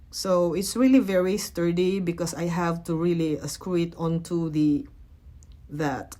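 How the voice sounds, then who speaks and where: Woman, middle-aged, slightly low voice, casual craft tutorial, chatty, gentle, lots of fillers. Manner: chatty, gentle, frequent fillers and self-corrections. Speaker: craft vlogger.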